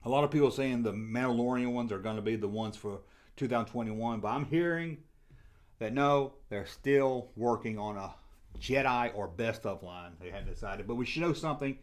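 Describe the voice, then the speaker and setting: A middle-aged man with a Southern accent chatting casually on a livestream, reading viewer comments in a rambling, jokey way and getting loudly excited. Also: medium pitch. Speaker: toy collector channel host.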